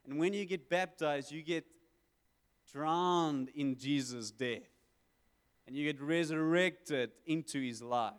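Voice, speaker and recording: A man preaching a sermon, conversational with quick asides and emphatic swells. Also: a little high, clean tone. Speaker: pastor. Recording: hall with long reverb.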